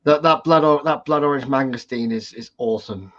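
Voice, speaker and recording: A man from the United Kingdom chatting on a livestream video call, energetic and quick to banter. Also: medium pitch. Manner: energetic, plugging, laughing banter. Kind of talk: casual livestream chat. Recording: dull lo-fi call audio.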